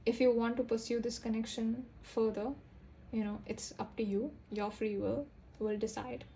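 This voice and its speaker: A young woman doing a casual tarot reading, rambling and halting, often restarting her sentences. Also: on the high side, level tone, vocal fry, mellow, slight background noise. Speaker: tarot reader.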